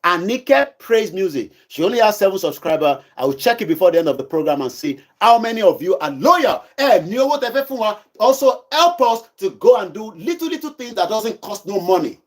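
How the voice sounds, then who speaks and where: Nigerian man, Yoruba accent, high voice; rousing livestream host switching between English and Yoruba. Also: expressive, fairly quick, hardly any pauses. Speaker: online activist show host. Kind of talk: livestream commentary. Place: kitchen at home.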